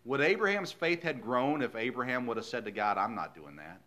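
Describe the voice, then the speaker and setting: Bright-voiced preacher, folksy and earnest. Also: male voice, mid-range voice, lively intonation, a little fast. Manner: folksy, earnest storytelling with sudden loud emphasis. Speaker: pastor. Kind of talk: sermon.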